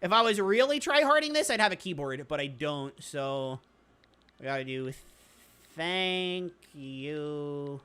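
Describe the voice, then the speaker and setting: A speedrunner giving excitable, rambling commentary over gameplay, with quick laughs and self-interruptions. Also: mid-range voice, clear, resonant tone. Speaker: speedrunner streamer.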